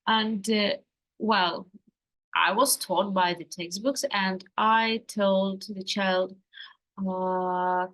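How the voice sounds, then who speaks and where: A woman who learned this language as a newcomer shares anecdotes in a relaxed lesson. She tells her stories in a lively, chatty way. Her pitch sits in the middle of the usual range for a woman. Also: drawn-out words, poor audio. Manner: lively storyteller, laughs while speaking. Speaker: language course co-host.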